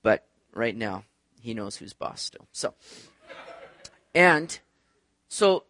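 A man's voice: mid-range voice, expressive, slow pace, long pauses, fairly bright tone, no room sound. A middle-aged man preaching a sermon, chatty and teasing, with joking asides to his listeners. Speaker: pastor.

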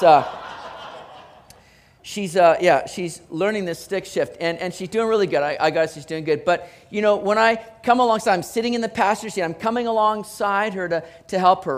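A man preaching a sermon as pastor, animated, with emphatic rising bursts and repeated words. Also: high-pitched.

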